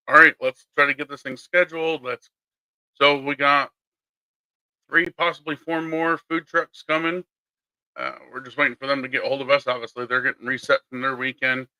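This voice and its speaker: A man's voice: mid-range voice, bright, forceful tone, smooth, no echo, rough recording. A man co-hosting a podcast, talking casually and in a laid-back, plainspoken way. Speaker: podcast co-host. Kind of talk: casual live podcast chat.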